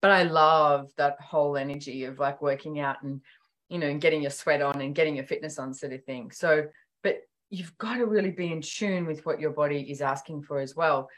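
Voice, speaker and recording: A woman speaking in casual podcast conversation, telling animated stories and acting out quoted dialogue, with many fillers like "like" and "you know". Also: low-pitched, a little fast. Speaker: author and guest.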